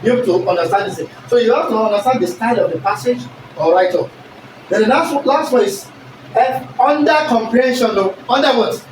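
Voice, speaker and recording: Animated male teacher in an echoey classroom. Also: very high voice, brisk, slight background noise. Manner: animated, repeatedly checks understanding with the class. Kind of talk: classroom English lesson. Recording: echoey room recorded from a distance.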